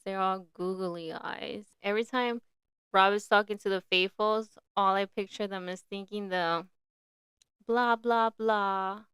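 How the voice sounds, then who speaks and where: Slow-talking woman podcast host, crisp and dry. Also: mid-range voice, fairly bright tone, dry recording. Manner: chatty, speculative, uses filler "like". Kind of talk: casual solo commentary.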